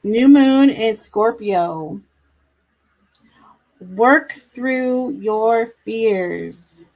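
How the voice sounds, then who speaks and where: A woman's voice: fairly high pitch, extremely slow, a little mellow, low-quality recording. A woman doing tarot readings on a live stream, chatty, laughing now and then, drawing out her words. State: yawning, a bit tired. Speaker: tarot reader.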